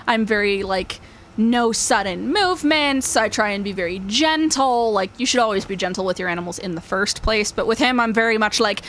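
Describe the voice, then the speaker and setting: A woman's voice: fairly high pitch, animated, moderate pace, fairly bright tone. A young woman talking casually in a gaming vlog, chatty and gushing, with lots of fillers. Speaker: gaming YouTuber.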